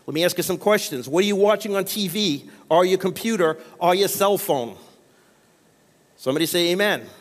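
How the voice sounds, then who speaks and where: A man's voice: high-pitched, lively intonation, normal speed. A man preaching a sermon as pastor, asking the congregation for amens between points. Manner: call-and-response preaching, frequent amens. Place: church sanctuary. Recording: long reverb of a church hall.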